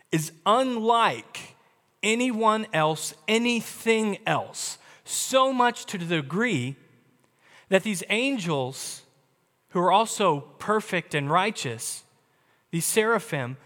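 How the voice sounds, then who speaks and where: A man's voice: fairly high pitch, a bit bright. Emphatic male preacher in a reverberant hall. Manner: emphatic, varies pace, slow deliberate stresses with quick asides. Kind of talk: sermon.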